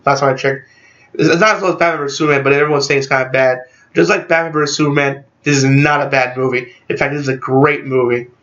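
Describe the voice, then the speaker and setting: Casual male movie reviewer, excitable and rambling, constant fillers, mid-range voice, dull lo-fi home recording. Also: medium pitch, quick pace.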